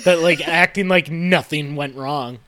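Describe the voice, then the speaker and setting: A man's voice: fairly high pitch, measured pace, a bit bright, no echo. Wry male podcast co-host, dry sound. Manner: joking, interjecting, wry. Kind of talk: casual movie chat.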